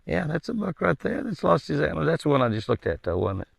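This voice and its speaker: Man, gravelly voice, casual outdoor ranch vlog, coaxes deer. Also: on the high side, huge pitch swings, fast talker, dry recording. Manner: coaxing, chatty, coos to the deer. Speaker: ranch owner filming his deer. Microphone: handheld camera.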